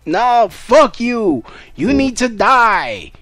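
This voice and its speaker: A man's voice: extremely high pitch, big pitch swings, very slow, a bit bright, dry recording, faint music behind, voice pushed up, full character voice. A man putting on the voice of a hostile, greedy male squatter who swears and threatens, in a mocking tone. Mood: snarling, threatening. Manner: snarling, profane, mocking.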